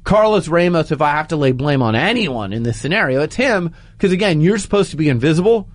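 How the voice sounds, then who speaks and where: A man hosting a sports talk show, laying out his opinions in an animated, argumentative way. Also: fairly high pitch, fast talker, dry recording.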